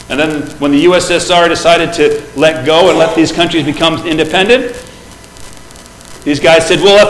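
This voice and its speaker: A middle-aged pastor preaching a sermon in church, conversational and often asking the congregation questions. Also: male voice, a little high, poor audio. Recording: faint background noise.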